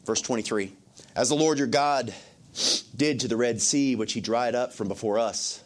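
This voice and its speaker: A man's voice: mid-range voice, moderate pace. A male pastor preaching a sermon, dropping to whispers and rising to urgent, raised lines, a bit sniffly and emotional.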